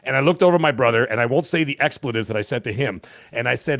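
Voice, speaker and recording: A man in his fifties, hoarse from a lost voice, telling a rambling, animated story as a podcast co-host. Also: mid-range voice, very fast, hardly any pauses, no echo, studio quality. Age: 50s. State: hoarse, recovering voice. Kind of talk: casual chat.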